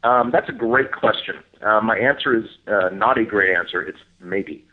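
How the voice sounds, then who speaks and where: A man, a guest researcher, telling a field story in a casual interview, full of fillers, acting out other people's lines in a high voice. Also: moderate pace. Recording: tinny phone line.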